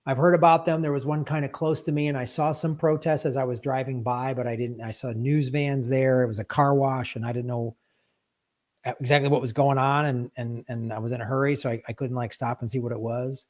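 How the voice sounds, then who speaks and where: A man's voice: mid-range voice, flat delivery, a little fast. A man hosting a live stream in casual chat, playful, breaking into sound effects and silly rhymes. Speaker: livestream host.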